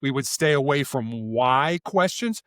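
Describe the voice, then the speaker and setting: A man, a former SWAT officer, answering interview questions in an animated storytelling way and acting out quoted lines in voices. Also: medium pitch, unhurried, no room sound, clean studio sound.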